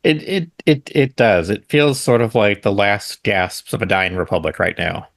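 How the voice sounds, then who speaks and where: Low gravelly guy, kinda stammery and quiet, dry mic. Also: moderate pace, no echo. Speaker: podcast co-host. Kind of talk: casual podcast chat.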